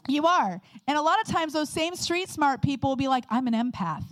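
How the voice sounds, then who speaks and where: A woman guest speaker giving a candid, conversational sermon with quick personal asides. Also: sits high, fairly bright tone, no room sound.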